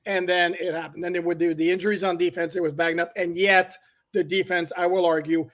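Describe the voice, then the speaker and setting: A man hosting a sports podcast as a journalist, talking in a measured, wry way with hesitant restarts. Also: sits high, little pitch movement, a bit bright.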